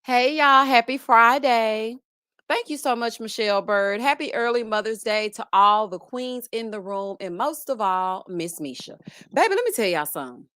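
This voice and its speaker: A woman hosting a live-streamed reality TV review, lively and chatty, calling out "child" and "honey" as she greets viewers by name. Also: a little high, normal speed, no echo, studio quality. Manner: sassy, says "child" and "honey". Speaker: host.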